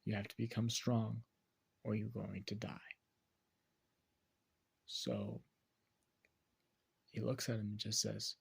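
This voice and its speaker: Gravelly man rambling through a fan story. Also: lowish voice, sing-song, slow pace, pauses often. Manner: rambling, many fillers and restarts. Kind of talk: casual fan-fiction narration.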